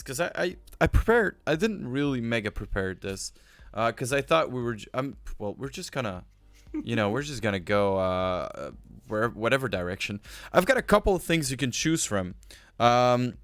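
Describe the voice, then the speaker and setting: A man's voice: medium pitch, fairly bright tone, clean tone, no room sound. A man from Belgium hosting a podcast in casual chat, playful and jokey, with many restarts. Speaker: podcast host.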